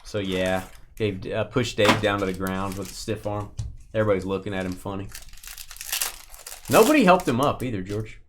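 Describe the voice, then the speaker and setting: A man's voice: lowish voice, lively intonation, moderate pace, pauses often, background noise. A man hosting a live-stream sports card break, calling out cards and teasing his crew in joking banter.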